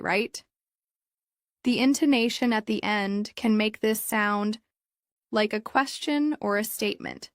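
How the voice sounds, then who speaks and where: A woman narrating a scripted English listening lesson in a calm, measured, explanatory way. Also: a little high, dry recording, clean studio sound. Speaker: English teacher.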